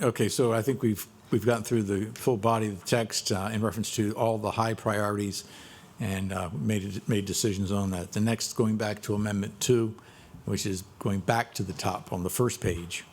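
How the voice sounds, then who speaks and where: A man's voice: on the low side, darkish tone, a little hiss or hum. A man chairing a county work session, moving through agenda items procedurally. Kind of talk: meeting discussion.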